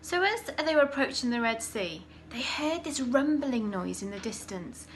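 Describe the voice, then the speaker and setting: A woman leading children's church, telling a Bible story in an animated, dramatic way. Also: a little high, moderate pace, a little hiss or hum.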